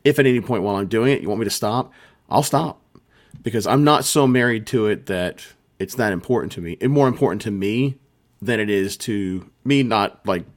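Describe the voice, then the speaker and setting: A man's voice: on the low side, normal speed. A man who runs tabletop games, co-hosting a podcast and explaining himself in an earnest, rambling way. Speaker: podcast co-host and game master. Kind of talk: casual chat.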